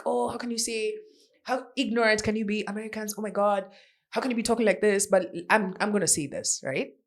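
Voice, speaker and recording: A woman in her forties hosts a casual pop-culture news podcast. Her voice swoops up and down a lot as she chats. She keeps firing off rhetorical questions at her listeners. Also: mid-range voice. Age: around 40. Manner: chatty, animated, full of rhetorical questions. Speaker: podcast host.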